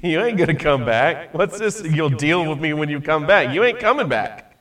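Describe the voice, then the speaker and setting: A blunt, sarcastic prophet who delivers bad news with a dry drawl, as a man voices him for a class. His voice sits slightly high and sounds a little distant from the microphone. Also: very animated, normal speed, fairly bright tone.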